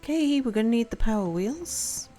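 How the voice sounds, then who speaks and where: Animated and on the high side, with a dark tone and moderate pace, a woman chats casually while streaming a game live. She reads chat aloud, plays with word sounds, and faint music can be heard behind her.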